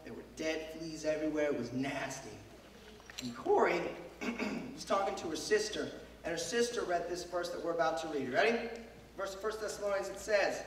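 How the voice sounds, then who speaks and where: A man's voice: fairly high pitch, animated, normal speed, a little hiss or hum. A man who is losing his voice, giving a devotional talk to a group of young people, telling a story and asking the crowd questions. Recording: echoey hall, speaker far from mic.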